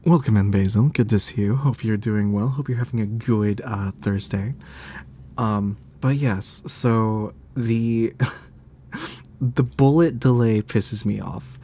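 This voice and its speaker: A man's voice: on the low side, takes it slowly, mellow, a little hiss or hum. A man streaming a game, chatting casually, laughing often and grumbling about the game.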